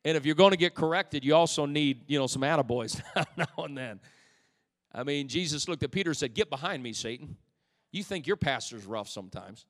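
A male pastor preaching a sermon in a church, building to loud, fervent peaks and dropping in humorous asides to the congregation. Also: fairly high pitch, animated, a little fast. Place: church sanctuary. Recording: long reverb of a church hall.

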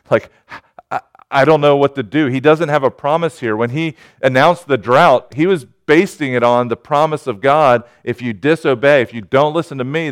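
A man preaching a sermon in an earnest manner, rising to urgent pleading and dropping to quiet reflection. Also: mid-range voice, clear, resonant tone. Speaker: pastor.

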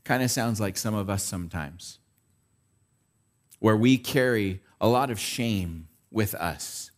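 A man's voice: fairly low pitch, slow pace. A male pastor preaching a sermon in a casual way, checking in with the listeners by asking "right?". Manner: conversational preaching with frequent "right?" check-ins.

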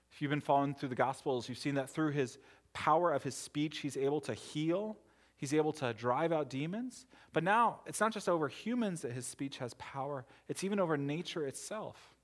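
Male preacher, middle pitch, earnest conversational sermon delivery.

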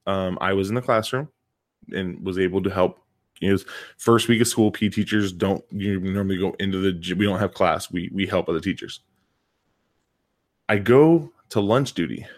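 A man with a fairly low voice co-hosts a casual podcast and tells a long story in the easy talk of a coach and PE teacher. He talks with emphasis and often doubles words to press a point. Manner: emphatic, repeats words for stress.

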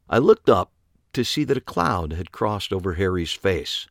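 A man's voice: low-pitched, sing-song, measured pace, no echo, clean studio sound. A man narrating a first-person audiobook in a wry, conversational way.

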